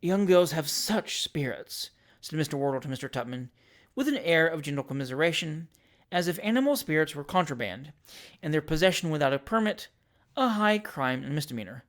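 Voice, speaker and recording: A podcast narrator reading a classic novel aloud in a measured, wry storytelling manner. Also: medium pitch, animated. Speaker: audiobook narrator.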